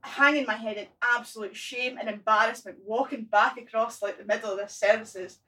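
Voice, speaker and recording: Animated sweary woman in her twenties. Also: a little high, brisk, distant mic, a little hiss or hum, poor audio. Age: 20s. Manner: animated, sweary, laughing at herself. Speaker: guest. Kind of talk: casual podcast storytelling.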